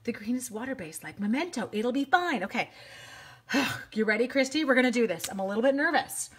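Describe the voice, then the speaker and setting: A woman hosting a live craft stream, chatting to viewers as she colors, quick to gush and laugh. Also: a little high, husky. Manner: chatty, excitable, talks to viewers while coloring.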